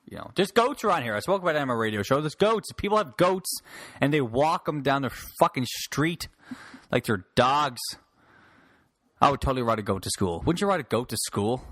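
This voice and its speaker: A man's voice: medium pitch, lively intonation, brisk, fairly bright tone, no echo, clean studio sound. Rambling, foul-mouthed male podcast host. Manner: rambling, restarts a lot, swears freely. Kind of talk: casual solo podcast monologue. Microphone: handheld mic held close.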